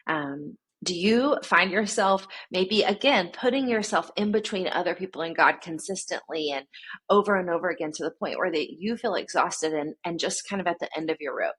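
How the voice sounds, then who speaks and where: Woman podcast guest, author type; low and a bit husky, reflective, lists her points calmly. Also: normal speed. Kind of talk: podcast interview.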